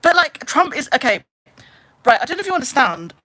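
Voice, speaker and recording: Young female streamer, bright forceful voice, exasperated ranting, casual chat with viewers. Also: sits high, very animated, a little fast. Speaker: live streamer.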